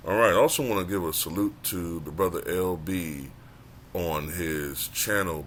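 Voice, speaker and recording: A man hosting his own channel, giving casual commentary that runs from flat and low-key to animated and exasperated. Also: moderate pace, slight background noise. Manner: animated, rising to exasperated near-shouting; says he can sound monotone at times. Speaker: channel host.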